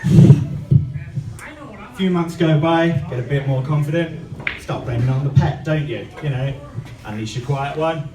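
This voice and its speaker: English man, stand-up comedian, high voice, dry self-deprecating delivery, echoey room, crowd laughing. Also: moderate pace, recorded from a distance. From England. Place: comedy club stage, live audience. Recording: echoey club from afar, audience laughter.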